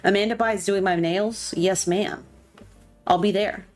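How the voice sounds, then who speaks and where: A woman's voice: mid-range voice, fairly even intonation, a little slow. Girl in her 20s chatting on stream while she plays, gushy and jokey, bit of game music underneath. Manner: chatty, gushing, self-mocking. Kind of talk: casual chat while gaming.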